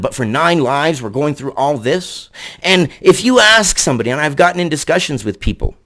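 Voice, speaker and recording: A man's voice: a little high, a bit bright. A man delivering angry political commentary, sarcastic and profane in his ranting.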